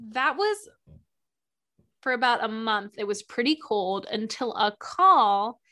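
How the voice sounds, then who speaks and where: Casual true-crime co-host, woman, sarcastic and animated, slightly high voice. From Ohio. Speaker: podcast co-host.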